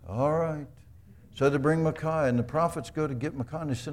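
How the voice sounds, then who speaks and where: Male preacher, gravelly voice, conversational sermon with rhetorical questions. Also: on the high side, fairly quick, darkish tone. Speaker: pastor.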